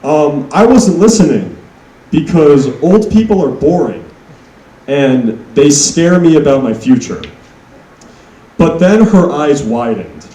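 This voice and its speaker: A young man works through a stand-up set at an unhurried pace, deadpan and self-mocking. He builds to loud punchlines. His voice sits a little high, and it comes from off the mic in an echoey room. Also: far from the mic. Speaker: stand-up comedian.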